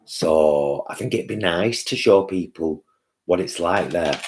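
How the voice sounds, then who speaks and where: A man's voice: sits low, lively intonation, a little slow, darkish tone, a little hiss or hum. A man hosting a casual live-stream chat, chatty and answering viewers' comments by name.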